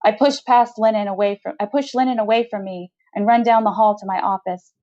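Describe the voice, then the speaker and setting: A woman author reads her own first-person short story in a steady, measured way. Her pitch is middling. The recording is slightly dull and lo-fi.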